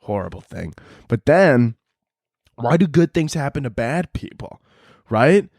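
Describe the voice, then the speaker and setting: A man hosting a solo comedy podcast, ranting with lots of swearing and laughter, and jumping between high mock voices and low mutters. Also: very animated, measured pace, creaky, darkish tone, dry recording, studio quality. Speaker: podcast host.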